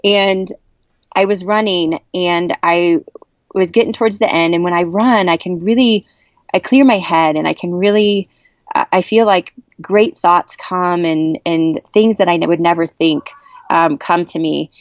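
Earnest lower-voiced woman, dry and dull. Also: dry recording. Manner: earnest, heartfelt, halting with many restarts. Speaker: interviewee sharing a personal story. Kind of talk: candid personal storytelling. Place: at a camp.

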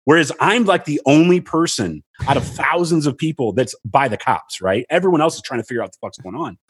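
A man's voice: fairly quick, breathy edge, dry recording, studio quality. A man telling a long story in casual chat, acting out what people said and swearing freely. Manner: animated, acts out quotes with big pitch jumps, swears freely. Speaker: storyteller guest. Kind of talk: casual chat, animated anecdote.

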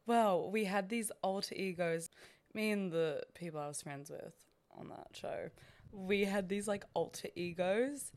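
A woman's voice: medium pitch, a little slow, darkish tone. A young woman hosting a podcast in casual chat, talking freely with lots of "like" fillers. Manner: chatty, many "like" fillers. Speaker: podcast host.

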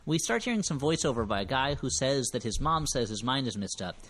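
A man's voice: mid-range voice, very animated, a little fast, fairly bright tone. Wry rambling man recapping a movie. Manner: rambling, wry, self-correcting. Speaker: podcast host. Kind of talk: casual comedic movie recap.

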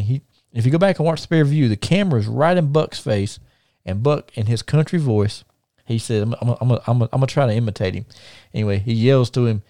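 A man's voice: medium pitch, fairly quick, warm tone, dry recording, clean studio sound. A man who hosts a podcast, telling rambling stories, repeating words and laughing at them. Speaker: podcast host and former wrestler. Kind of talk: casual storytelling.

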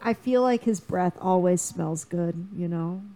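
A woman's voice: lowish voice, unhurried, warm tone. Playful woman co-hosting a podcast. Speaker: podcast co-host. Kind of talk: casual film chat.

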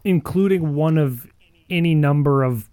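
A man's voice: on the high side, unhurried, mellow, no room sound. A man co-hosting a casual podcast, rambling in a sardonic, profane way with lots of "like" fillers. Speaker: podcast co-host. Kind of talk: casual card game chat.

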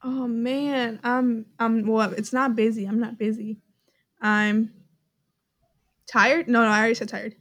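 A woman's voice: on the high side, flat delivery, unhurried, long pauses, a bit bright, dry recording, studio quality. A woman co-hosting a podcast, chatting casually and playfully, often joking and then saying she is kidding. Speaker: podcast co-host. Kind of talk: casual chat, slang guessing game.

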